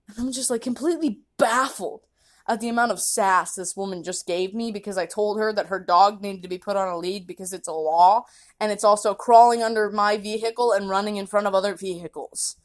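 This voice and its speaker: A young American woman hosts a podcast from her home kitchen, speaking in a brisk, mid-range voice. She tells a story in a casual, animated way, laughing often and acting out what people said.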